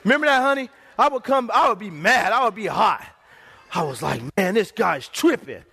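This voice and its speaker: A middle-aged man preaches a sermon in a high, lively voice. He tells stories animatedly and keeps calling the congregation for an amen. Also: brisk, creaky, breathy edge. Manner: animated storytelling preacher, calls for amens. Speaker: pastor.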